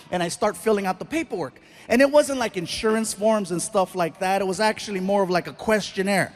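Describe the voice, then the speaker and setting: High-voiced male stand-up comedian. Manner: animated, acts out characters in voices. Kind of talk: stand-up storytelling. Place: comedy stage before an audience. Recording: live stage mic with audience noise.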